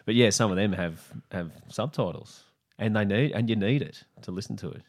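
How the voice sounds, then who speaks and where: Deep-voiced Australian man chatting. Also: a little fast, slightly rough. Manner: laid-back, joking, says "mate". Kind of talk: casual chat.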